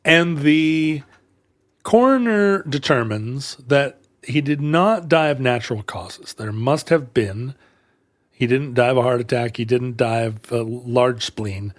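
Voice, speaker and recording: A man's voice: medium pitch, takes it slowly, no echo. Man, podcast co-host, casual storytelling, jokey asides, dry close sound. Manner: rambling, jokey, playful asides. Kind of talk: casual comedic podcast chat.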